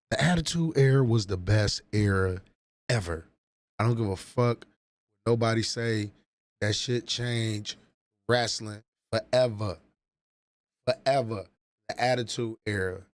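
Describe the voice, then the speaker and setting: A man in his forties chats casually on a livestream, rambling and swearing as he reminisces nostalgically. His voice is lowish, with no echo.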